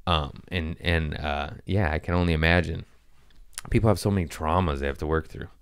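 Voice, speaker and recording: A young man hosting a podcast, telling stories in a casual, profane, animated way and laughing at his own jokes. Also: a bass voice, a little fast, clean tone, no room sound, clean studio sound. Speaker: podcast host. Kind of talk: casual storytelling monologue.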